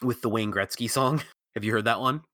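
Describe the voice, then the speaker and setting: A joking, casual man co-hosts a podcast, cracking puns and swearing lightly as he chats. His voice is bright and forward, recorded dry and close on a podcast mic. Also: medium pitch, no echo. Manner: jokey, swears, quick to laugh. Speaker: podcast co-host. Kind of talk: casual chat.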